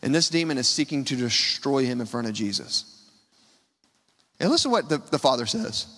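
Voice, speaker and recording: A man preaching a sermon, his delivery swinging between hushed lows and loud, high cries. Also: very animated, fairly quick, pauses often, in a large hall. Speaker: pastor.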